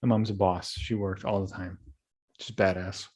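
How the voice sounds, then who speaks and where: A young man hosting a podcast, rambling through animated stories full of restarts. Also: deep voice, normal speed. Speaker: podcast host. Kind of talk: casual chat.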